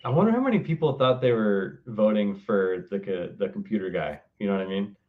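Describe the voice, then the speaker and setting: A man's voice: on the low side, expressive, a little fast, noisy background. A man co-hosting a casual political chat, talking earnestly and explaining things. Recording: dull lo-fi sound.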